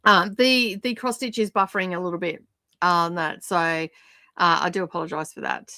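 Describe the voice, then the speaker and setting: Chatty middle-aged woman, low voice. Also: fairly even intonation, moderate pace, pushed and bright, dry recording, clean studio sound. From Australia. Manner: rambling, chatty, many ums. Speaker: craft live stream host. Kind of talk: casual chat while crafting. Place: home craft room.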